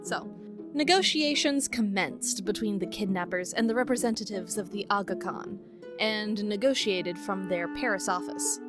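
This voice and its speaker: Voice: medium pitch, normal speed, music in the background. A woman co-hosting a podcast, retelling a case from her notes in casual chat and laughing often. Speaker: podcast co-host.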